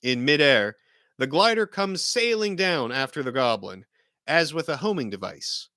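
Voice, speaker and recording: Lively, bright-voiced man reading a script. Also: fairly high pitch, normal speed, no room sound, clean studio sound. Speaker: host reading a film script.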